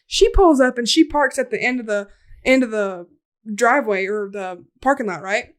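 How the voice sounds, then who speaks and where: A young woman hosting a podcast, telling a story in a casual, animated way, laughing and swearing as she acts out voices. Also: fairly high pitch, moderate pace. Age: young adult. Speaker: podcast host.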